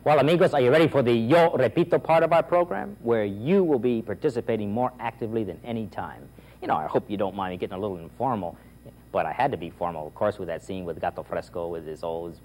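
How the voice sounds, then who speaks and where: An enthusiastic male teacher runs an informal language lesson and coaxes his student along. His husky voice leaps up and down in pitch as he drills phrases slowly. He sounds playful and encouraging throughout. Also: sing-song, a little mellow, low-quality recording. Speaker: Spanish teacher.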